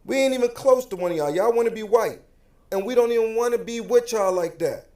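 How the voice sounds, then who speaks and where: A man with an African American English accent delivers a blunt, repetitive rant straight to the camera. His voice sits very high for a man. The room around him rings with echo. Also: fairly quick, darkish tone. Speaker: social media commentator. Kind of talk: heated direct-to-camera rant.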